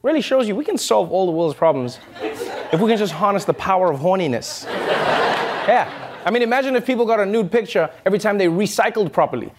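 A man hosting a comedy news show, delivering a satirical monologue with punchy jokes and quick asides. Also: high-pitched, animated, background noise. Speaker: host.

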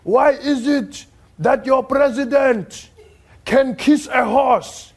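Man putting on a sly old grandpa voice, high and slow, kinda calling out from afar. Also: exaggerated voice. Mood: mock-polite. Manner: slow, mock-polite, shouted. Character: bold, cheeky old grandfather.

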